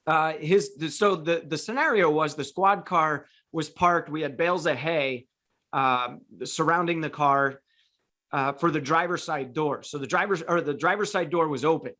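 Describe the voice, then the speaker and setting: A podcast host who also trains dogs speaks at normal speed in a fairly high, sharp-toned voice. Hosting his casual talk show, he tells long stories in a chatty way, rambling with frequent restarts and fillers.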